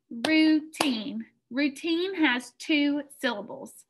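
A woman teaching a phonics lesson to young children, encouraging and clear as she sounds out words slowly. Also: high-pitched, background noise. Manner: encouraging, clear, slow word-by-word.

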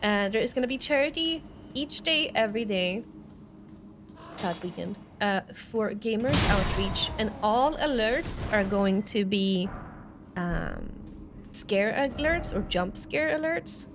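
Her pitch sits in the middle but swings widely, and she talks slowly against background noise. She's a young Swedish woman, not a native English speaker, whose accented gameplay commentary on her stream is teasing and sarcastic.

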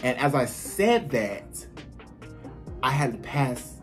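A man telling a casual story to his viewers, animated and blunt, swearing freely and talking straight to them. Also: medium pitch, slow pace, soft background music. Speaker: vlogger. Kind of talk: casual story time while eating.

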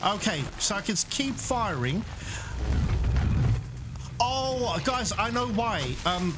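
A man's voice: sits high, lively intonation, measured pace, heavy background noise. A man giving chatty let's-play commentary, laughing often and bursting out in exasperation at the game. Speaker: gaming YouTuber. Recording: game music playing behind the voice.

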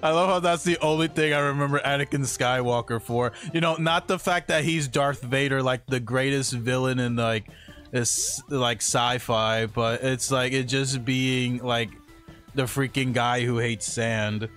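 A young man casually commentating a platform game on a livestream, slangy and profane, laughing often and yelling when he dies in the game. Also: mid-range voice, steady tone, a little slow, soft background music. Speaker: streamer.

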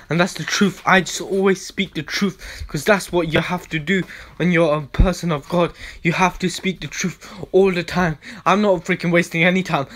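A man talks into his phone at home in a loose, rambling vlog, circling back to the same lines again and again. His voice sits a little high for a man, and his delivery turns preachy and ranting as he repeats himself. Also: a bit bright. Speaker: vlogger. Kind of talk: rambling casual monologue.

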